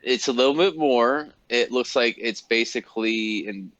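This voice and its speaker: A man's voice: mid-range voice, moderate pace, a bit bright, dry recording. A man co-hosting a podcast, chatting casually and offering opinions and prices. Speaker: podcast co-host. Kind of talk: casual chat about collectible cards. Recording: slightly dull, lo-fi sound.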